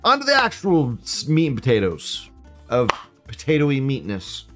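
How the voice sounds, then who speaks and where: Animated, crude male live-show host. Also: mid-range voice, normal speed, faint music behind. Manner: profane, mocking, rambling. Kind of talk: casual live commentary.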